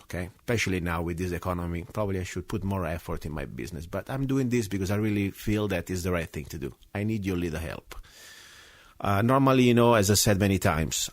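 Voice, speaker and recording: A man hosting his own radio talk show, speaking in an impassioned, outspoken monologue that swings from loud emphasis to low asides. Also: no echo.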